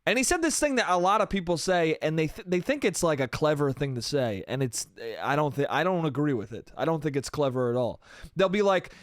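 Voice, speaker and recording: A man's voice: fairly high pitch, lively intonation, a little fast, no echo, clean studio sound. Rambling, profane man on a solo podcast. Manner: rambling, profane, self-amused, restarts often. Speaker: podcast host. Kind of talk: solo comedy podcast rant.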